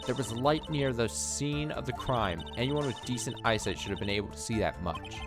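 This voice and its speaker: A man's voice: mid-range voice, normal speed, close to an everyday voice. A man voicing a cocky male circus clown witness in a let's play, talking in a boastful, flippant way, with game music behind. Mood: smug.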